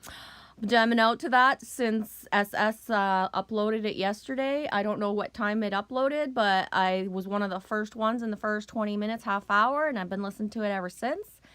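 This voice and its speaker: A woman's voice: medium pitch, normal speed, a bit bright, clean tone, dry recording. A middle-aged woman chatting casually on a live stream, loose, profane and rambling as she greets viewers.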